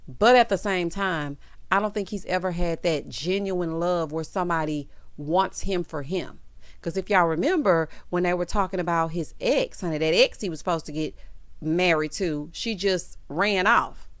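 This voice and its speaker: A woman hosting a casual reality TV recap, sassy and animated, calling listeners honey and baby. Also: on the low side, dry recording. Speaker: TV recap host.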